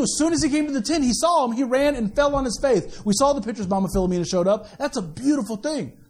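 During a church service, a pastor with a strikingly high voice gives a sermon. He speaks to the congregation in a casual, lively, animated way, stumbling into many restarts and tossing off quick asides.

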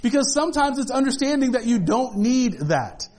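A man's voice: very high-pitched, expressive, moderate pace, a little mellow. A male pastor preaching a sermon to a congregation in a conversational way, with humorous asides. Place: church with a congregation.

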